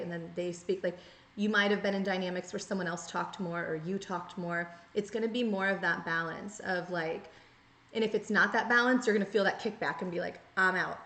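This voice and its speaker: A woman's voice: medium pitch, a bit bright. A woman giving a tarot reading, talking straight to her viewers in an earnest, coaching way and acting out the thoughts she quotes. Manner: earnest, coaching, acts out quoted inner voices. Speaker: tarot reader. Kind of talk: direct-to-camera tarot reading. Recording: echoey room, faint noise.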